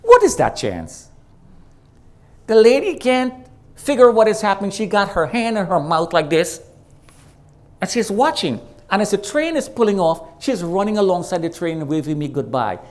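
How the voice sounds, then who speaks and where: Standing in a church sanctuary as a guest preacher, a man gives a dramatic personal testimony, acting out the quoted voices. His intonation is lively and his pace moderate, and he shifts from loud and high to low and quiet.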